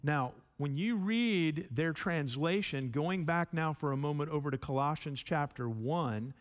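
A man's voice: fairly high pitch, lively intonation, measured pace. A man teaching a sermon in a conversational way, often repeating words and checking in with his listeners. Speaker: pastor.

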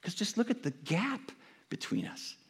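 A man's voice: high voice, big pitch swings, moderate pace, a bit bright, slightly rough. A man preaching a sermon to a congregation, talking in an earnest, conversational way with frequent restarts. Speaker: pastor. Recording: long hall reverb.

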